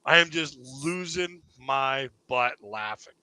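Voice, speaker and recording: A man's voice: mid-range voice, expressive, slow pace, bright, forceful tone, clean tone, no echo, poor audio. A man hosting a live online comedy panel, telling a long rambling anecdote and laughing at his own story. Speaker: stand-up comedian host.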